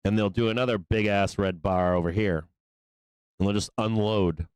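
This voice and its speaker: A man hosting a live stock market show, talking through trades in a loose, profane, excitable way. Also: on the low side, moderate pace, clear, resonant tone, dry recording. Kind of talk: live trading commentary.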